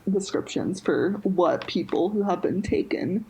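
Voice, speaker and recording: A woman's voice: on the low side, animated, unhurried, dark tone, breathy edge, poor audio. A woman co-hosting a podcast, telling a story in a casual chat full of "like" and "um". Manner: chatty, heavy use of "like" and "um". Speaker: podcast co-host.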